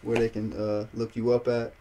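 A laid-back man hosts a podcast with short, encouraging replies. His voice is mellow and his intonation stays flat, with a faint hiss in the background. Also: medium pitch, normal speed. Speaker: podcast host. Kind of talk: casual podcast chat.

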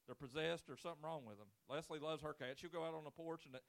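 A man's voice: fairly high pitch, quick pace, gravelly. A man in his forties, a pastor preaching a sermon with folksy, joking storytelling and casual grammar. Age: 40s.

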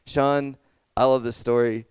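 A man's voice: mid-range voice, flat delivery, unhurried, a little mellow, smooth, no room sound. A young man giving a casual sermon, chatty and full of fillers, checking in with "okay?" and "does that make sense?". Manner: conversational, lots of fillers and "okay?" check-ins. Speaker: youth pastor.

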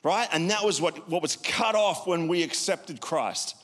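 A man preaching a sermon as pastor, in a relaxed, conversational way, often asking the congregation questions. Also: fairly high pitch, measured pace. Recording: long hall reverb.

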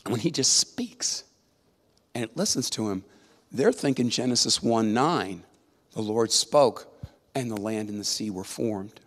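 Delivering a sermon at a moderate pace, a man speaks in a fairly low, slightly bright voice with lively intonation. He's emphatic yet conversational, tossing tag questions to his listeners, and the large hall adds a long reverb.

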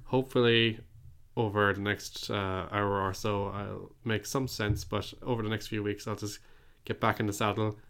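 A man co-hosting a casual podcast while sick, with a deep voice and a laid-back, self-deprecating way of talking. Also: level tone, moderate pace, vocal fry, fairly bright tone, clean tone. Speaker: podcast co-host.

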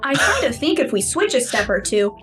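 Little cartoon boy, voiced by a woman, high bouncy voice, faint music behind. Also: very animated, fairly quick. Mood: eager. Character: small cartoon boy, little brother, impatient. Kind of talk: cartoon voice acting.

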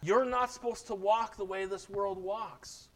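Impassioned high-voiced preaching man. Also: steady tone, measured pace, slight background noise, rough recording. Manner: impassioned preaching, rising and falling in loudness. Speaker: pastor. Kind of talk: sermon.

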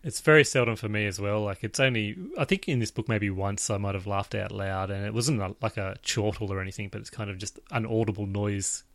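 A man with a low, gravelly voice, heard dry and close. He co-hosts a book club chat and delivers his lines wryly and playfully. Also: steady tone, fairly quick, hardly any pauses, a bit bright, no echo. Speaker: book club podcast co-host. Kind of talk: casual chat with a comic rating scale.

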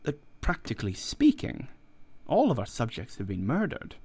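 A man's voice: mid-range voice, wildly swooping pitch, moderate pace, a little mellow, slightly rough, full character voice. A man voicing a cool, sneering young doctor in an audiobook reading, worldly and dismissive.

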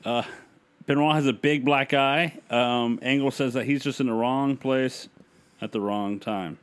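Man, podcast co-host, steady play-by-play recap, casual chat, lots of fillers. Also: medium pitch, a little slow, smooth.

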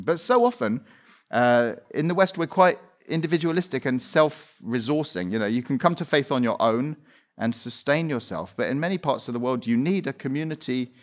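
A man preaching a sermon, retelling a Bible story with animated storytelling and acted-out quotes. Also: mid-range voice. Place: church meeting room.

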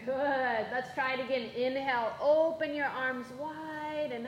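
High-pitched lady teaching kids yoga, slow and encouraging, echoey room. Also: fairly even intonation. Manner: gentle, encouraging, playful instructions. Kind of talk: guided kids' yoga class. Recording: echoey room with faint background noise.

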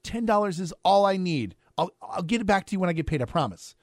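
A man's voice: high voice, animated, quick pace, dry recording, studio quality, voice pushed up. A man voicing a tiny voice in someone's leg, pleading and wheedling for money in a joke story. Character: tiny begging voice in a man's leg.

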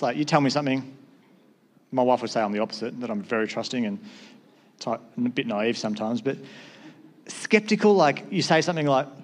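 Conversational male pastor preaching. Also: mid-range voice. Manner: conversational, acts out short quoted exchanges. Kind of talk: sermon.

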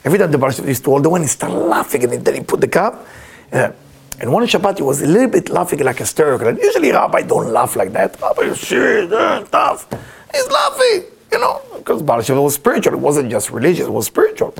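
Gravelly, husky male teacher, lively swooping delivery, chuckling storyteller. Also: medium pitch, fast talker, some chatter behind. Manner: animated, chuckling storyteller with broken English. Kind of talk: storytelling spiritual lesson.

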